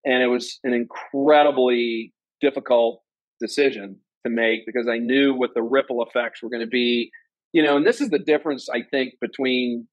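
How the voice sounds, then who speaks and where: Man in his 50s, interview guest, earnest and animated, mid-pitched, dry close sound. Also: normal speed, no room sound, dull audio. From Ohio, USA. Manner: earnest, animated storyteller who acts out quotes in a higher voice. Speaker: guest, former company president. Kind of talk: personal storytelling in an interview.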